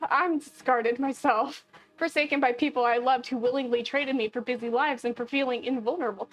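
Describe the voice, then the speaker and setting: Giggly high-voiced woman reading game lines. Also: steady tone, brisk. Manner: giggly, keeps breaking into laughter while reading. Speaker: streamer. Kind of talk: reading game dialogue aloud on stream.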